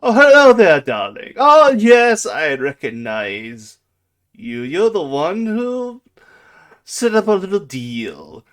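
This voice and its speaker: A man voicing a flamboyant, pompous male bronze dragon who speaks in a booming voice. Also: wildly swooping pitch, takes it slowly, a bit bright, full character voice. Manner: pompous and theatrical.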